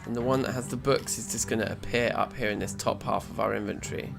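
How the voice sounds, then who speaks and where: Chatty let's play host, a man with a low, gravelly voice, talking over his game at a desk mic. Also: steady tone, fast, music in the background. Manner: chatty, self-mocking, thinks aloud. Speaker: gaming channel host.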